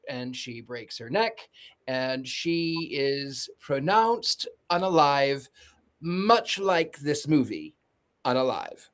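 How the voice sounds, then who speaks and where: A man recapping a film with deadpan jabs and running jokes. His voice sits a bit high and swoops widely, and he takes his time. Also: drawn-out words. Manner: sarcastic, joking. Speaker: podcast panelist. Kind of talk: comedic movie recap.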